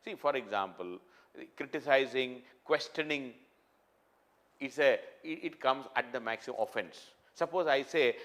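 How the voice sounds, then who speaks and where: A male lecturer with a voice pitched a little above the usual for a man. He talks to his class in an emphatic, repetitive way, breaking off and restarting his sentences and filling pauses as he goes. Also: a bit bright.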